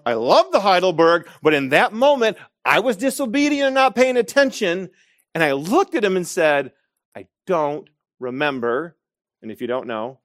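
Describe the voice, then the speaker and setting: A man from Michigan preaching a sermon, telling stories and slowing down to stress key phrases. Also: sits high, a bit bright, dry recording, clean studio sound. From Michigan, USA. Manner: storytelling, emphatic with slow stressed phrases.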